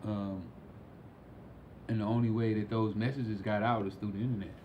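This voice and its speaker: Low-voiced man, slow and reflective. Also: flat delivery, highs cut off, a little hiss or hum. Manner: unhurried, with many fillers and restarts. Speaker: podcast guest. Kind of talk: casual conversation.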